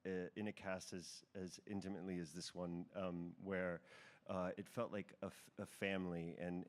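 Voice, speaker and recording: A man speaking softly and haltingly in a live event interview. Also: low-pitched. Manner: soft-spoken, halting. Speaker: film actor at a premiere.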